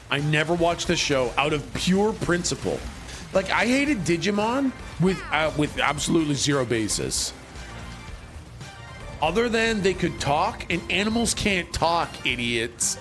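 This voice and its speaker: Guy in his 30s rambling on stream, kinda high voice, jokey, quiet game music behind. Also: lively intonation, normal speed. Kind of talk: casual chat while playing a game.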